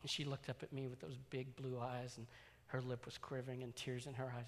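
A man preaching a storytelling sermon as a pastor, animated, swinging from loud exclamations to hushed asides. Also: medium pitch, fairly quick. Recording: long hall reverb.

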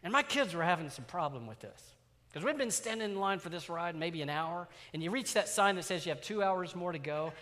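A man preaching a storytelling sermon as a pastor, animated, swinging from loud exclamations to hushed asides. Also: sits high, a little fast. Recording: long hall reverb.

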